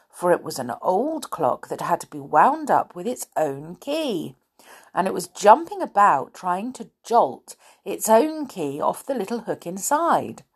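Breathy low-voiced woman reading a kids' book, slow and very lively up and down. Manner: animated, dropping to whispers. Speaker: storyteller reading to children. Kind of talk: reading a children's book aloud.

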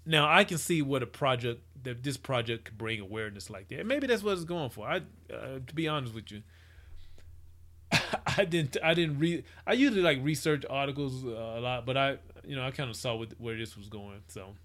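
A man's voice: mid-range voice, animated, fairly quick, fairly bright tone. A man giving rambling, casual commentary as he reacts to a photo project, with many restarts and hypotheticals. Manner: acts out quoted people in his voice.

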